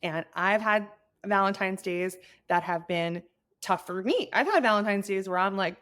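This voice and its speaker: A woman's voice: mid-range voice, moderate pace, a bit bright. A woman in her thirties hosting an advice podcast, talking in an earnest, chatty way that turns emotional at times. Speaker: podcast host.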